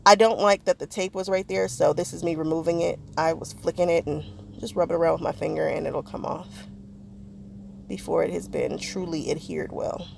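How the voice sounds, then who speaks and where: This woman, a crafting vlogger, narrates a craft project at normal speed and jokes about her own errors in a casual, chatty way aimed at her viewers. Her lowish voice has vocal fry, fairly even intonation, and a slightly mellow quality, with slight background noise.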